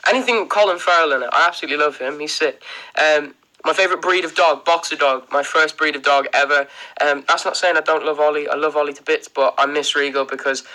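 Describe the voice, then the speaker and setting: Brief: Irish guy, fairly high, crisp bright voice, loose rambly livestream Q&A host. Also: fairly even intonation, fast talker, poor audio. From Ireland. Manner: chatty, rambling, frequent "um" and "like", laughs often. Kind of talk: casual livestream Q&A, reading out viewer comments.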